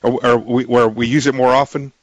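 A man's voice: medium pitch, little pitch movement, brisk, no echo, highs cut off. A male radio talk show host interviewing a guest in an emphatic, joking way, with frequent restarts. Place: radio studio.

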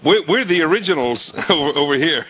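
A man's voice: fairly high pitch, expressive, fairly quick, highs cut off, noisy background. A man hosting a radio talk show, folksy and enthusiastic, rambling with frequent restarts.

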